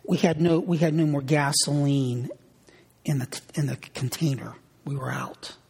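Earnest male preacher, husky, in a reverberant hall. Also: fairly high pitch, level tone, measured pace, darkish tone. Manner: earnest storytelling with frequent word repetitions. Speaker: pastor. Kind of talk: sermon.

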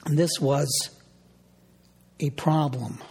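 A man's voice: a little high, steady tone, slow pace, darkish tone, a little hiss or hum. A middle-aged man preaching a sermon, telling a homey story in an earnest way and often repeating his words as he goes. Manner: earnest storytelling with frequent word repetitions. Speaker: pastor. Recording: long hall reverb.

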